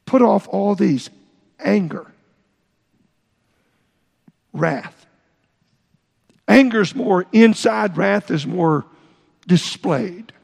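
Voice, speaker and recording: A middle-aged man preaching a sermon in a church, halting and repeating words as he explains Greek terms. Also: high-pitched, expressive, darkish tone. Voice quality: gravelly. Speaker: pastor. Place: church sanctuary. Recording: long reverb in a large hall.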